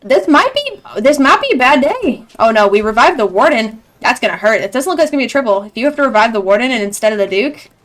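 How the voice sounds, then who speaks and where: Young woman casting a game live, chatty and excitable, voice sits a bit high, headset mic. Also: quick pace. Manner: chatty, excitable, reacts loudly to plays. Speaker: esports caster.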